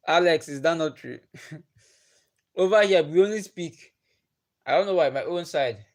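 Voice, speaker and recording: A man's voice: a little high, a little slow. Chatty Nigerian man on a livestream. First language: Igbo. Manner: chatty, repeats himself, laughs often. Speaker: livestream host. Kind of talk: casual livestream chat with viewers.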